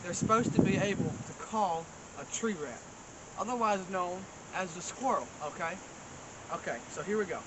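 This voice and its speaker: A man's voice: high-pitched, normal speed. A man hosting a comedy show, rambling in a folksy, mock-boastful way. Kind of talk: deadpan comedic monologue. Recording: loud outdoor background noise.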